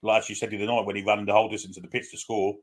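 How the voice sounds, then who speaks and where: Fast-talking low-voiced co-host. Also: male voice, little pitch movement. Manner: rapid, opinionated, asks for agreement. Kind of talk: casual live stream chat.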